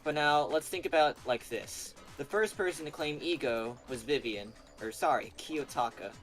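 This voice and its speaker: A man's voice: a little high, moderate pace, a bit bright, faint music behind. A man in a voice chat game methodically laying out a logical case against other players. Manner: argumentative, methodical reasoning. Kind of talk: casual voice chat.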